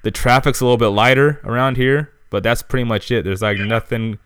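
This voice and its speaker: A man's voice: mid-range voice, steady tone, brisk, a bit bright, clean tone, no room sound. A man hosting a podcast, ranting casually with heavy profanity and heated complaints. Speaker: podcast host. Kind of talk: casual monologue rant.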